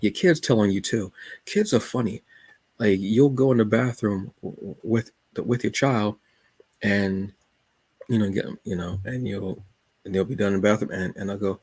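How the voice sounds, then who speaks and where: Gravelly man chatting about his reading. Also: fairly low pitch, moderate pace, no room sound. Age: adult. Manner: relaxed, joking, storytelling with asides. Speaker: channel host. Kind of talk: casual talk about comics and books.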